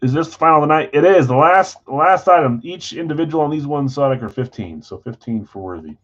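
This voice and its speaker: A man's voice: a little high, animated, a little fast, a bit bright, lo-fi sound. A man hosting a live stream, casually reading off trades and talking to buyers in a scattered, self-deprecating way. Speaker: card break host.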